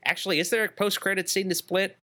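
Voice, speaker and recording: A man's voice: high-pitched, fairly even intonation, fast, bright, forceful tone. A man chatting casually about a movie on a podcast, rambling and hedging with many fillers. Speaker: podcast co-host.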